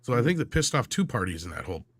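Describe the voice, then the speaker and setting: A man's voice: sing-song, very fast, a bit bright, husky, no echo. A man co-hosting a live entertainment-news stream, chatting casually with lots of fillers and trailing off at sentence ends. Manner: rambling, filler-heavy, trails off low. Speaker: livestream co-host.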